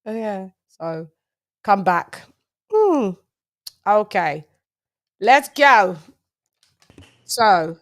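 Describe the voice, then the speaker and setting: A woman hosts a relaxed boxing chat in an unhurried, drawn-out way. Her voice sits at a middling pitch, and she laughs easily between remarks. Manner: playful, laughs often. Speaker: boxing podcast host. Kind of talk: casual chat.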